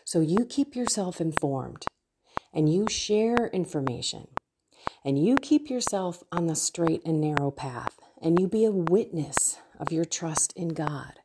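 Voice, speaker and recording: A middle-aged woman, a faith coach and host, speaks to camera in a low voice with lively intonation over a noisy background. She shares a heartfelt personal reflection on faith and trust, earnest and at times slow and soft, tearful at moments.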